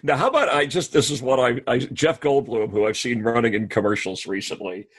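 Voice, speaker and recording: A man's voice: medium pitch, fairly quick, breathy edge. A male podcast host asking questions in easygoing interview chat. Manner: easygoing, laughs along.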